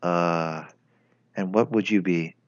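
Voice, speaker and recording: A man's voice: deep voice, slow pace, no room sound, voice pushed down. A man doing a grumbling young German commander. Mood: uneasy. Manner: sarcastic, flustered and grumbling. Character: exasperated young male German tank commander. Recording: lo-fi with faint music.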